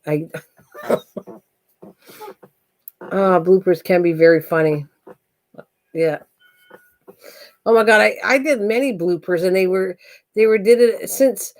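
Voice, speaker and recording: Chatty older woman hosting a live stream. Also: on the low side. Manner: chatty, self-mocking, quick to laugh. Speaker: craft channel host. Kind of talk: rambling live stream chat.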